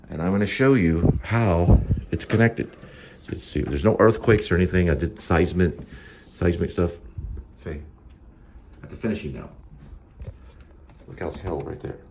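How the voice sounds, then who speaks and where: Holding his phone for a selfie shot in his apartment, a man hosts a loose vlog, drifting across topics and breaking into his own sentences. His voice is low and somewhat dark, with a bit of background noise in the recording.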